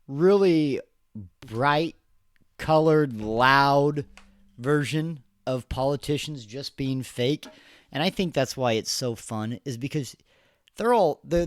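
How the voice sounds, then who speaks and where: A man's voice: mid-range voice, no echo, clean studio sound. A man in his thirties hosting a podcast, giving rambling, sarcastic political commentary with laughs and restarts. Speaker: podcast host.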